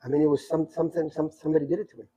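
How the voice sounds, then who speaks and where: A middle-aged man telling stories from his life in a casual chat, animated and repeating himself as he acts out what people said. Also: fairly high pitch, rapid-fire, husky, rough recording. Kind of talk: casual storytelling.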